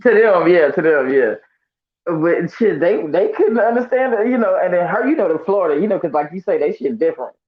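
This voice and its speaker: A man telling stories in casual chat, his pitch bouncing all over as he mimics the people he quotes. He sits a little high for a man. The sound is muffled and lo-fi, like a remote feed. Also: brisk. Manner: animated, mimics voices when quoting people.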